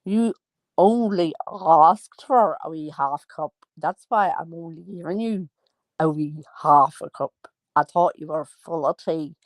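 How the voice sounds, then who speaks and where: A woman's voice: deep voice, unhurried, no room sound. A woman voicing a blunt, chatty Northern Irish woman serving tea, with a Northern Irish accent. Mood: matter-of-fact.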